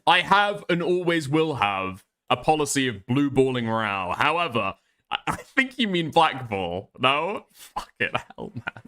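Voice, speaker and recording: A man's voice: medium pitch, sing-song, a little slow, pushed and bright. A man streaming live, reacting to a clip with profane, exasperated commentary and laughing asides.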